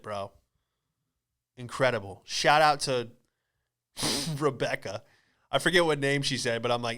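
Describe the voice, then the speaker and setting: Bright, animated comedian telling a story. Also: male voice, medium pitch, unhurried, long pauses, clear, resonant tone. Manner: animated, profane, exclamatory. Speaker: comedian and podcast host.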